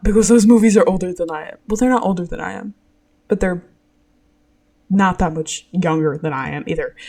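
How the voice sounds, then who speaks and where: A woman's voice: mid-range voice, a little mellow. A nineteen-year-old woman hosting her own podcast, chatting casually, rambling with frequent giggles and casual swearing. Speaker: podcast host. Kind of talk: casual solo podcast chat.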